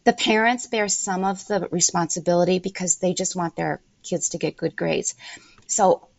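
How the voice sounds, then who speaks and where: A middle-aged woman giving measured, emphatic interview answers and laying out her points in order as a language-learning guest. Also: on the low side, gravelly, no room sound.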